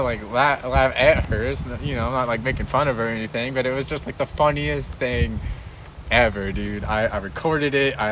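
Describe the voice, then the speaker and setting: A man's voice: on the high side, bright, forceful tone, slight background noise, poor audio. A young man hosting a casual chat stream, telling a story with frequent laughter and lots of dude and bro. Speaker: livestream host.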